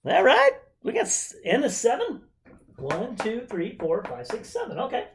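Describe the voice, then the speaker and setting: A woman's voice: a little high, huge pitch swings, normal speed, vocal fry, a little hiss or hum. A woman teaching a chemistry lesson remotely in a chatty way, with joking asides while she counts aloud. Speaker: chemistry instructor. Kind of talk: casual remote lecture.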